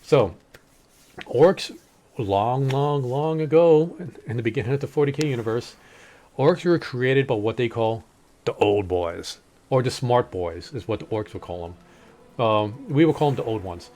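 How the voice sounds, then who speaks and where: A man's voice: medium pitch, animated, moderate pace, darkish tone. Rambling man explaining game lore. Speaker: streamer. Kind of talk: casual gaming chat.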